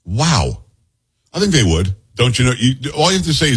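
A man's voice: mid-range voice, sing-song, normal speed, husky. A middle-aged man hosting a radio talk show, chatty and joking with his co-host. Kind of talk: casual radio banter.

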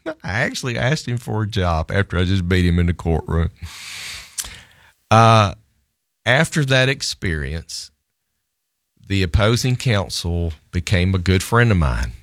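A male lawyer telling a story in an animated, self-amused way, laughing often as he talks. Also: low voice, dry recording, studio quality.

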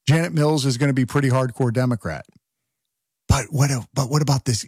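A man hosting a political talk radio show, talking in an animated, opinionated way and firing off rhetorical questions. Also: mid-range voice, a little fast, husky, dry recording, studio quality.

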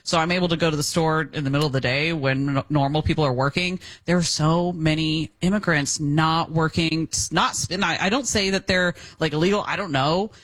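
A woman from the United States chatting casually as co-host of a talk show, animated and quick to laugh. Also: low-pitched.

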